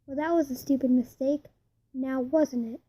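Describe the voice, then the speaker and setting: A woman reading the lines of a calm, cold and sarcastic male demon in a fan fiction reading. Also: high voice, moderate pace, rough recording. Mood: mocking.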